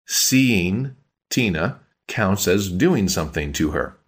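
A man co-hosting a scripted podcast language lesson, calmly explaining grammar rules with examples. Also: low voice, takes it slowly, breathy edge.

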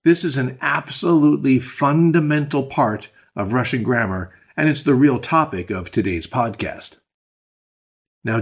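A language teacher hosts a scripted podcast lesson, walking through patterns step by step and illustrating them with spoken examples. His voice is mid-range and slightly rough.

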